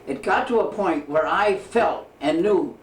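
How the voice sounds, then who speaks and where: Soft-spoken man telling a story in an echoey room. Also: high-pitched, animated, recorded from a distance. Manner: measured storytelling, quoting dialogue, frequent pauses with "uh". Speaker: interviewee recounting life with his guru. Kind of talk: reflective spoken memoir. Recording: echoey room, voice from off the mic, faint ambient noise.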